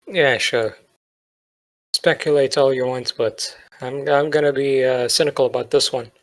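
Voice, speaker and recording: A man with a mid-range voice co-hosts a podcast, speaking steadily at a normal speed. His casual chat is full of crude, sarcastic humor and plenty of filler.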